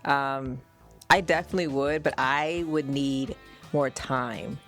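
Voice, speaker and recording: A woman from the United States, a podcast host and mother, telling family stories in an animated, casual way and laughing often. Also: very deep voice, slow, soft background music.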